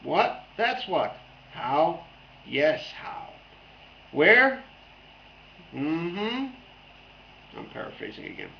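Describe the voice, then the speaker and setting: A man's voice: a little high, very animated, drawn-out words, creaky, pauses often, dull audio, slight background noise. A man giving a playful dharma talk as a Zen teacher, repeating phrases back and forth.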